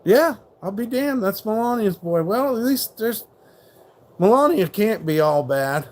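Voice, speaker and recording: A man hosts a live stream and rambles through a profane, mocking rant while answering his chat. His voice sits a little high for a man. He talks at an unhurried, drawn-out pace. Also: lively intonation, a little mellow. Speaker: livestream host.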